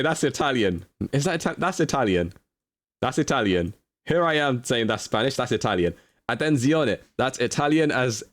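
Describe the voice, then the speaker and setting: A man's voice: medium pitch, no echo. Chatty young man thinking aloud. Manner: chatty, thinks aloud, repeats himself, reads chat and answers it. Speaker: streamer. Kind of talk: casual live-stream commentary while playing a geography guessing game.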